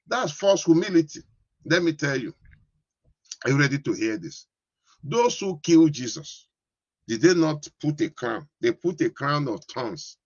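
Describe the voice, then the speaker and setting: A pastor preaches in a slightly raised, husky voice. He keeps circling back to the same questions and asks whether the congregation understands. The recording is dry and a little dull. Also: fairly high pitch, dry recording. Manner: repetitive, keeps asking "you understand?". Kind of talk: sermon.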